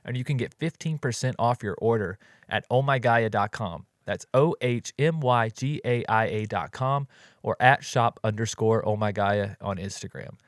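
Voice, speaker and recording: A man's voice: on the low side, moderate pace, no room sound, clean studio sound. A man co-hosting a podcast, chatting in a laid-back way and reading an ad. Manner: laid-back, chatty, says "you know" a lot. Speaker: podcast co-host. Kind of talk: casual chat with ad read.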